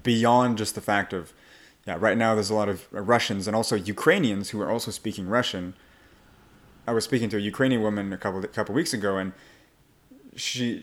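A man who coaches people on their accents speaks at an ordinary middle pitch. He talks in a lively, casual interview manner and often breaks into the voices of the people he quotes. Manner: animated, acts out quoted voices.

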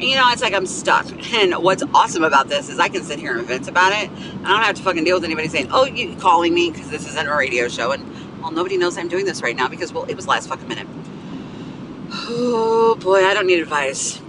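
A woman with a fairly low voice hosts her podcast solo, venting angrily in a blunt, ranting way and swearing constantly. The background is noisy.

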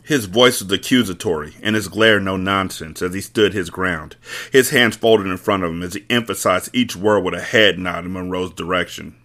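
A low-pitched man reads a novel aloud for a book club podcast, in an audiobook style. He breaks off now and then for wry, joking asides. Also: normal speed, fairly bright tone. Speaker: host, book reader. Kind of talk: audiobook-style reading with commentary.

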